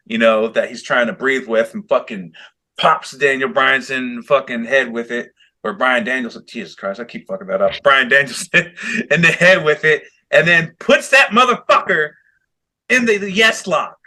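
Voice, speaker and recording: A man's voice: medium pitch, normal speed. A man co-hosting a wrestling podcast, talking animatedly and swearing a lot as he recaps a match. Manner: animated, heavy swearing, acts out quotes. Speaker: podcast co-host. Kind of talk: casual wrestling chat.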